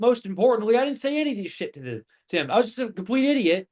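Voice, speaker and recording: A young male course instructor in his 20s gives a live online class talk, casual and swearing, with brisk, animated storytelling energy. His pitch is high.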